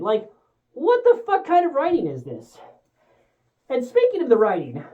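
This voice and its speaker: A woman rants through a casual movie review with a lively, swooping pitch. She swears freely and sounds exasperated. The recording is dull and lo-fi. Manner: exasperated, profane ranting.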